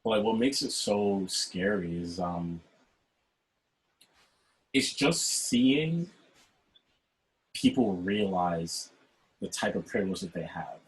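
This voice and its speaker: A man with a fairly low voice hosts a casual conversation over a video call. He talks in an animated, expressive way. He keeps checking in with his listener by asking "right?". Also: slow, long pauses, poor audio. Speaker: host. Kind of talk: casual chat.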